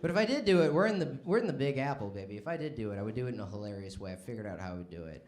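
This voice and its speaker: A man's voice: mid-range voice, animated, racing, darkish tone. Rambling young man doing stand-up. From Southern United States. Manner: rambling, self-deprecating, lots of fillers and asides to the crowd. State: tipsy. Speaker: stand-up comedian. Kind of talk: stand-up set. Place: comedy club stage.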